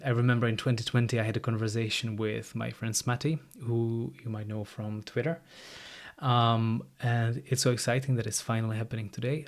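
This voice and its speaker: A man of ordinary middle pitch talks alone into a studio microphone in a loose, chatty way. His English is non-native and carries a light Irish tinge. He often opens his sentences with "look" or "like". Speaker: podcast host. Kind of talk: solo podcast monologue. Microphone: new studio microphone.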